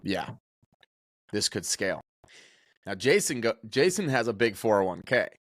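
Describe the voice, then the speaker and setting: A man in his thirties, a podcast guest chatting casually and telling animated stories. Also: fairly low pitch, normal speed, no room sound, clean studio sound. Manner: animated storyteller, often slips into voices when quoting people. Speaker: podcast guest, real estate investor. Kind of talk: casual interview chat.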